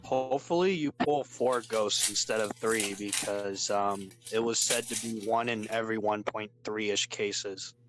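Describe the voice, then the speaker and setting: A man's voice: lowish voice, a little slow, hardly any pauses, music in the background. A man chatting casually with the host, offhand and laid-back. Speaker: friend commenting on the stream. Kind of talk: casual chat. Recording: noisy background hiss.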